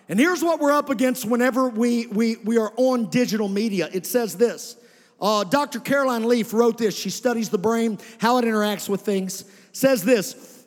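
High-voiced preacher in an echoing hall. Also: male voice. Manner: conversational preaching with calls to the congregation. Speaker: pastor. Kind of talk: sermon. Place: church sanctuary. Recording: long hall reverb.

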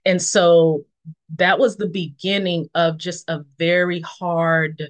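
Speaking as a podcast guest, this woman in her 40s tells the story of her faith in a calm, conversational way. She takes her time, often stopping with fillers, and gives animated high voices to the friends she quotes.

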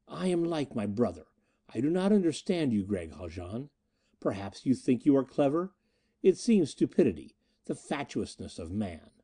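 A man putting on the voice of a proud Martian woman, stern and scornful, with an intense, commanding edge. Her tone is mellow and low-lit, yet it moves up and down with lively pitch. This is an audiobook reading. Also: moderate pace, husky.

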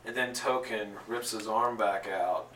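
A man narrating a tabletop game as game master, telling the story in an animated, jokey way, recorded from a distance in an echoey room. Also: fairly low pitch, a little slow, a little hiss or hum. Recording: echoey room, distant mic, faint ambience.

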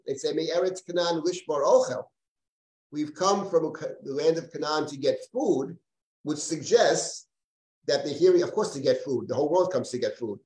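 A man's voice: a little high, darkish tone. A man, a rabbi, teaching a live Bible class, reading verses aloud and often restarting his sentences. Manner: digressive, repeats and restarts, reads Hebrew verses aloud. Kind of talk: live lecture. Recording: roomy live class recording.

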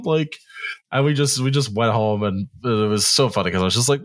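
A man in his thirties, mid-pitched, swapping stories on a casual podcast. He acts out each quote as he goes and swears with ease. His tone stays loose and conversational. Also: a little fast. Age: 30s. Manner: animated storyteller, acts out quotes, swears freely. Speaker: podcast co-host. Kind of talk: casual storytelling chat.

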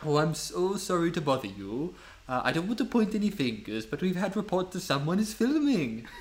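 Man doing a polite, apologetic cinema worker with a put-on Welsh accent, sounding a touch higher than usual, hushed and courteous as he interrupts someone. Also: big pitch swings, fairly quick. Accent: attempted Welsh.

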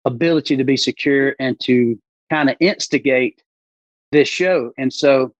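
Animated, storytelling man on a podcast. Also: medium pitch, measured pace, no echo, lo-fi sound. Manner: animated storyteller who acts out quoted voices. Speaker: podcast guest, bowhunter. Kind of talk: casual podcast conversation.

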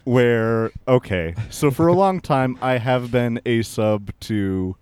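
A man co-hosting a podcast, deadpan and playing along with absurd jokes in casual chat. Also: medium pitch, slow, smooth. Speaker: podcast co-host.

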